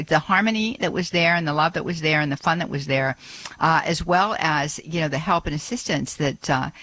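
A woman's voice: low-pitched, fairly bright tone, dry recording, poor audio. A middle-aged woman hosting a call-in radio show, chatty and full of fillers and small laughs. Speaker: radio host.

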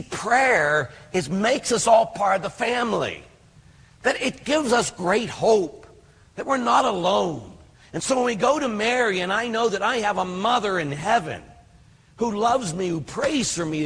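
A middle-aged man, a Catholic priest, giving an informal, digressive teaching that slows down to recite prayers. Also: high voice, a bit bright, slightly rough. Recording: long hall reverb, faint background noise.

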